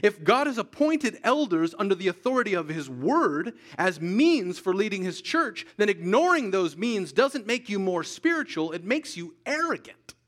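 A man preaching a sermon as pastor, emphatic, repeating key lines slowly for weight. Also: high-pitched, very animated, fairly bright tone. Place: church sanctuary.

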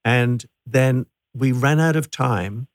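A man with a gravelly, creaky voice hosts a podcast in easy casual chat. He laughs often as he tells stories. The sound is dry and close. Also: medium pitch, slow pace, no room sound. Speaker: podcast host.

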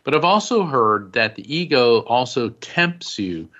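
An author being interviewed, talking casually and with lots of energy, saying "you know" often. His voice is bright and forceful, at a middle pitch. The recording sounds a little dull. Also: unhurried. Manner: animated, fills with "you know", laughs while telling stories. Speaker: author and guest. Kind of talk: casual storytelling in conversation.

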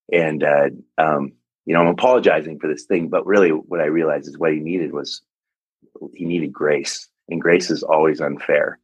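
A man in his forties, a pastor and author, telling a personal story in an interview, earnest and reflective with halting restarts. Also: rumbling low, breathy edge, no room sound, rough recording. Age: 40s.

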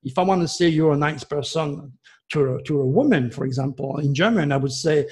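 A man's voice: a little high, a little fast, a little mellow, slightly rough. A man, an astrologer guest on a radio interview, explaining at length in an emphatic, digressive way. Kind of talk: rambling radio interview talk.

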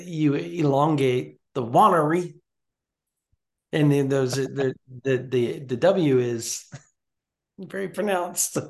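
A man's voice: fairly high pitch, darkish tone. A man co-hosting a recruiting podcast, chatting casually and animatedly, often restarting his sentences. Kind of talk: casual sports chat.

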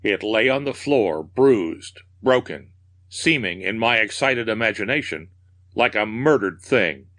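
A man reading a horror tale aloud with measured, darkly theatrical narration. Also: fairly low pitch, expressive, fairly bright tone. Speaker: storyteller.

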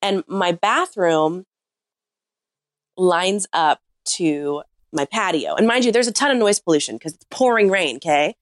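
A woman with a fairly low voice tells a funny story on a podcast, chatty and animated and leaning on "like." The sound is dry and close, with no room around her. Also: measured pace, no echo. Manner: animated anecdote-teller, heavy use of "like". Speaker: podcast guest. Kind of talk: casual comic storytelling.

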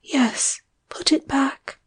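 A woman voicing a young woman in love, speaking higher and often in a breathy half-whisper. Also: lively intonation, slow, darkish tone. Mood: dreamy.

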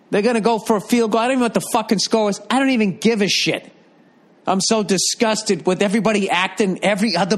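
An older man ranting in a rambling, profane, exasperated way, like a commentator. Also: high-pitched. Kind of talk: profane comedic rant.

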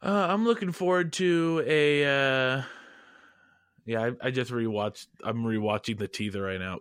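This is a man co-hosting a podcast who speaks in an easygoing, hesitant way, often pausing with fillers. His voice sits at an ordinary pitch for a man. The sound is dry and close to the mic. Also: a bit bright, clean tone, dry recording. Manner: laid-back, hesitant, with fillers and restarts. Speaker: podcast co-host. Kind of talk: casual chat.

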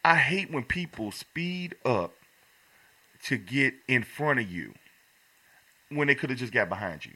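Bright, lively-voiced man telling stories. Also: mid-range voice, a little slow, pauses often. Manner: animated storyteller, laughs often, acts out quotes. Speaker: podcast co-host. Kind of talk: casual chat.

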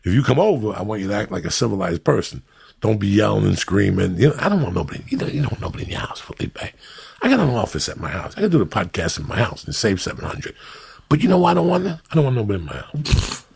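A middle-aged man from New Jersey hosting a podcast, telling stories in a profane, animated, ranting way. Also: lowish voice, quick pace, gravelly, slightly rough. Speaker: podcast host. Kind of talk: casual podcast banter.

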